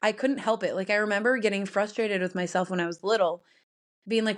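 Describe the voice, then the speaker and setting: A woman's voice: mid-range voice, steady tone, fairly quick. A young woman talks on her own podcast in a loose, rambling way, jumping from one thought to the next and laughing now and then. Her voice sits in an ordinary middle range for a woman. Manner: rambling, chatty, laughs often. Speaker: podcast host. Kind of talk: casual solo podcast chat.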